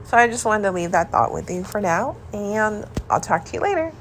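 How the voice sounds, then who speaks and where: A woman's voice: mid-range voice, big pitch swings, a little fast, slight background noise. A woman podcast host talking earnestly and affectionately, as if in a voice message to her partner, with some rambling asides.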